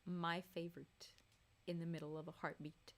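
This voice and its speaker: A woman's voice: lowish voice, little pitch movement, moderate pace. A woman singer chatting casually on a live stream, laughing and reading out viewers' messages between songs.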